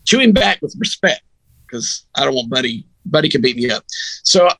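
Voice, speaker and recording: A man, a sports radio announcer, telling a long story in an animated, chatty way as a podcast guest. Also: medium pitch, normal speed, gravelly, dry recording, rough recording. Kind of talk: casual storytelling.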